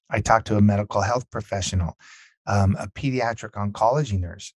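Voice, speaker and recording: A man's voice: fairly low pitch, no echo. A storytelling male guest, dry sound. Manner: animated, acts out quotes, repeats words. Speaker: author and podcast guest. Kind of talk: casual storytelling interview.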